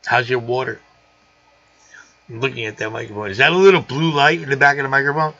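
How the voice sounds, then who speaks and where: Brief: rambling, jokey male livestream host, bright and fairly high, dull lo-fi sound. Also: fairly even intonation, fast talker. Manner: rambling, jokey riffs on old movies. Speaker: host of a live aquarium show. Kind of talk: casual chat.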